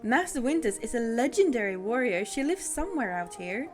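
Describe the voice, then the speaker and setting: A woman's voice: a little high, sing-song, fairly quick, darkish tone, faint music behind. A woman voicing a determined young fighter, reading blunt, clipped game dialogue aloud.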